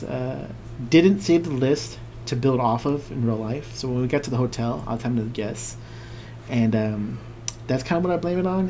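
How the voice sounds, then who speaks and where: A man's voice: medium pitch, darkish tone. A man co-hosting a casual podcast, rambling happily through a story. He acts out what other people said and laughs often. Faint background noise sits under his voice. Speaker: podcast co-host. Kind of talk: casual chat.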